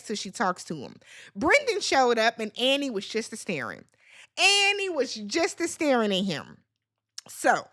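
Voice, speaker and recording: Sassy high-voiced woman recapping TV. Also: bright, forceful tone. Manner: sassy, blunt, scolding cast members directly. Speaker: reality TV recap host. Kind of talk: casual reality show recap.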